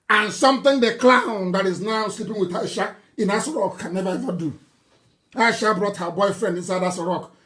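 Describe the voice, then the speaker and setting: Nigerian man delivering a fiery political broadcast; mocking tone, hammering repetition, sudden shouts. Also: extremely high pitch. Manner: fiery, mocking, scornful laughter, repeats phrases, bursts into shouting. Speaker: political activist leader.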